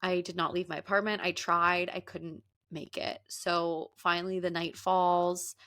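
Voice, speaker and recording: A young woman hosting a podcast, telling a story in a casual, animated way and acting out the people she quotes. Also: on the low side, unhurried. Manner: animated, laughing, often acts out quoted people. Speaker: podcast host. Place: Los Angeles.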